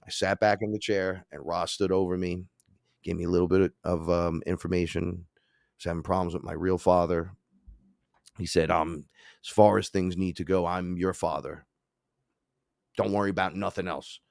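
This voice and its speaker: Deep-voiced guy spinning a big story, voice jumps around when he does other people, dry close sound. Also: little pitch movement, moderate pace, gravelly, dry recording. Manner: acts out quoted voices, jumps in pitch and loudness. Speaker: podcast guest. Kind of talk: animated storytelling.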